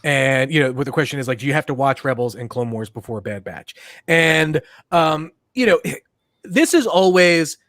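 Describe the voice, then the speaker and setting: A man co-hosting a casual pop-culture chat, his voice sitting a little high for a man. He rambles loosely, full of "you know" and restarts. The sound is dry and close. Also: animated, normal speed, a bit bright, no echo. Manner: rambling, many fillers and restarts. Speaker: podcast co-host.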